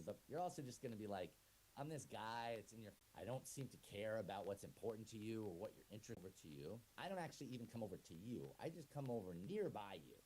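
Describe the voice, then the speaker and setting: A man's voice: lowish voice, slight background noise, rough recording. A middle-aged man, an autism educator, telling an audience a story and acting out both sides of it in voices. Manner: animated storyteller who acts out both sides of a scene in voices. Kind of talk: lively talk to an audience.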